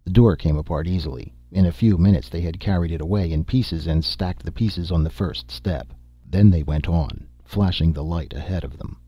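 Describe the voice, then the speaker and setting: Deep, husky man narrating a story. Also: normal speed, dark tone, no echo. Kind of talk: scripted audiobook narration.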